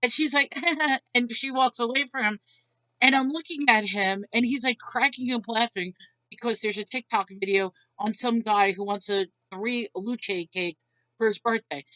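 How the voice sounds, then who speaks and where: A woman's voice: on the high side, moderate pace, pushed and bright, no room sound, highs cut off. A woman venting a blunt, exasperated rant to camera, swearing freely as she retells her day. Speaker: vlogger.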